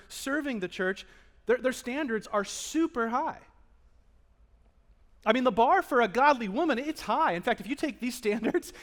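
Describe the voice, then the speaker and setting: A man preaching a sermon as pastor, moving between loud, animated emphasis and hushed, earnest intensity. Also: very high-pitched. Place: church sanctuary.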